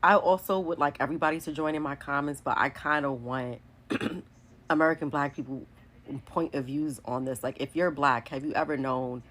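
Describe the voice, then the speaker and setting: Deep-toned woman; candid, rambling storytime vlogger. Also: a little hiss or hum. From New York City. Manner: chatty and candid, many likes and whatevers. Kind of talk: casual storytime monologue.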